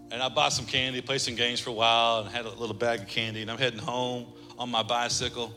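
A male pastor preaching a sermon, telling a humorous story in an animated way in a church. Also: medium pitch, quick pace, few pauses. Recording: reverberant church hall, faint music.

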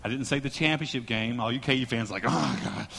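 Bright-voiced pastor preaching with reverb. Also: male voice, medium pitch, fast talker, a little hiss or hum. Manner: storytelling, joking, animated preaching. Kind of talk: sermon.

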